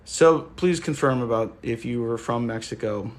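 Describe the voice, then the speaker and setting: A man's voice: mid-range voice, normal speed. A man hosting a casual livestream, chatting loosely with viewers and joking as he rambles through stories. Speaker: livestream host.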